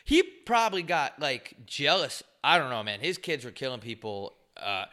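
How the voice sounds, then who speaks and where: Male podcast co-host, bright timbre, crude and jokey, loose banter. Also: mid-range voice, sing-song, moderate pace. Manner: crude, joking, trades bits in silly voices. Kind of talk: casual chat.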